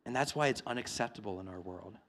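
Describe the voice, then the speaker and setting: A male pastor preaching a sermon, moving from quiet, reflective passages to loud, emphatic declarations. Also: fairly low pitch, fast, vocal fry.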